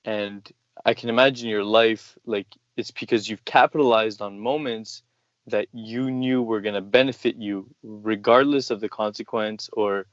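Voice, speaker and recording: Man, casual chat, hesitant, lots of fillers, low voice, dull dry sound. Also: fairly even intonation, moderate pace, no room sound. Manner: hesitant, full of "like" and "um". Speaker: conversation partner. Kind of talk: casual conversation.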